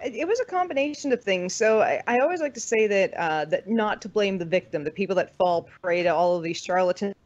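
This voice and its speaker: A woman's voice: mid-range voice, animated, brisk, hardly any pauses, no room sound. Candid American woman, dry lo-fi audio. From United States. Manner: candid, swears freely, laughs often. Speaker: podcast guest. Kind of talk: casual chat. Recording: dull lo-fi podcast audio.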